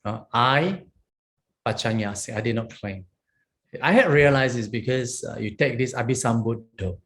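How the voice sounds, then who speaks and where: A man's voice: medium pitch, normal speed, a bit bright. Man explaining Pali grammar step by step. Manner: explains step by step, checks in with "huh?" and "okay?". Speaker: Pali teacher.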